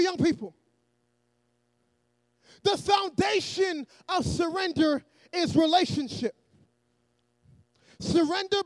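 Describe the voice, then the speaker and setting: Preaching a sermon in a church, a man with a very high-pitched voice is energetic and often shouts, tossing joking asides to the congregation. There is no echo.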